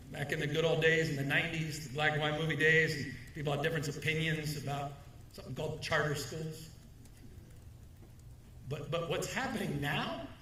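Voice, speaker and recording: A middle-aged man giving a formal speech at a podium, leaning on emphatic repetition and a measured rhetorical delivery. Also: a little high, sharp tone, slight background noise. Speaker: governor giving an award speech. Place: large hall, speaking at a podium. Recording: echoey hall, mic at a distance.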